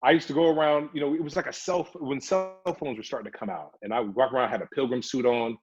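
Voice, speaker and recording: A man, an actor, chatting casually in an interview and telling lively stories, sometimes slipping into put-on voices. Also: medium pitch, quick pace, husky. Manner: animated storyteller, slips into put-on voices. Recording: dull lo-fi recording.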